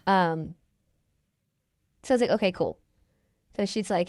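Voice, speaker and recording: A woman's voice: on the low side, big pitch swings, moderate pace, long pauses, a little mellow, no echo, studio quality. A woman in her twenties, a podcast guest telling her story in a casual, chatty way and acting out the people she quotes. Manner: chatty, quotes people in their own voices.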